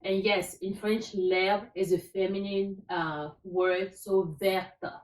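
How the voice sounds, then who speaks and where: A woman's voice: medium pitch, flat delivery, slow, echoey room, recorded from a distance, poor audio. A woman teaching a language lesson, upbeat, spelling out words letter by letter. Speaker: French teacher.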